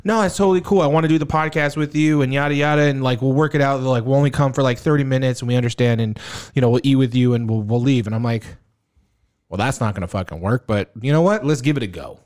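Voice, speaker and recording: A man's voice: mid-range voice, fast talker, a little mellow. Man, podcast host, casual chat, laughs a lot, swears freely.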